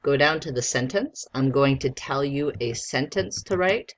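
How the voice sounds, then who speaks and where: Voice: medium pitch, lively intonation. A teacher giving a spelling dictation lesson, spelling each word out letter by letter in a patient, encouraging way. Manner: slow, deliberate dictation, spelling words out letter by letter; encouraging, patient instructions to a young student.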